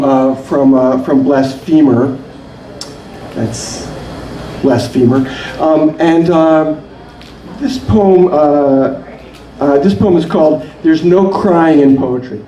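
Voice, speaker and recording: A man's voice: fairly high pitch, mellow, reverberant, far from the mic, a little hiss or hum, low-quality recording. A man giving a live poetry reading in a coffee shop, hesitant between poems and dry in his humor. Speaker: poet reading his work.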